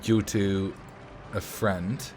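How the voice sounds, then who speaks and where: A man's voice: on the low side, flat delivery, very slow, a little mellow, slight background noise. A man in his late twenties hosting a livestream, telling rambling anecdotes in casual chat. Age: late 20s. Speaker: livestream host.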